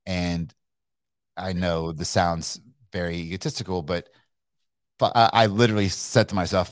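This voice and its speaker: A middle-aged man from Kentucky, a guest telling a business story in a casual, animated way with plenty of swearing, laughter and restarts. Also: sits low, normal speed, no room sound, studio quality. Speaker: guest entrepreneur.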